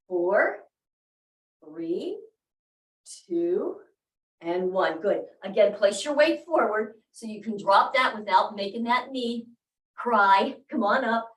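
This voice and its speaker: A woman leading a workout class, cueing moves, counting reps and encouraging her group. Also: mid-range voice. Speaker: fitness instructor. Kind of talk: live workout class instruction. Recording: roomy, mic far off.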